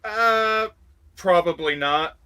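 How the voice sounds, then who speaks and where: A man's voice: high voice, takes it slowly, pushed and bright, clear, resonant tone, pitched above the performer's own voice, heavily acted. A man voicing a skittish male pirate crewman who talks in a blunt, folksy way. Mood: squeamish.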